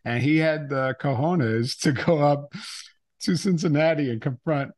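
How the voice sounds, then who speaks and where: A man chatting as a podcast guest in a relaxed interview, laughing often. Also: fairly high pitch, a little slow. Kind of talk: casual interview chat.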